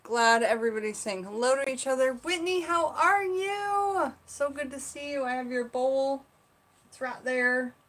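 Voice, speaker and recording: A woman's voice: sits high, fairly even intonation, normal speed. A woman from South Carolina hosting a casual livestream from her bedroom, reading viewer comments aloud and chatting with them. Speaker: livestream host. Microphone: seated at own camera.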